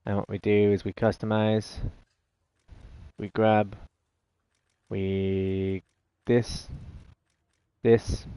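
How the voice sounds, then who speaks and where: A man's voice: fairly low pitch, flat delivery, drawn-out words, pauses often, dark tone, clean tone, dry recording. An Australian man giving rambling, sarcastic live commentary while playing a video game, easily exasperated. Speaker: gaming channel host.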